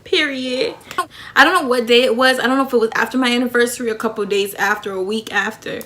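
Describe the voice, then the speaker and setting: A young woman tells a personal story to her viewers in a loose, chatty vlog style. Her voice sits a little high and sounds bright and forward. She talks in an animated way and acts out what everyone said. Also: racing, slight background noise. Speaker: vlogger.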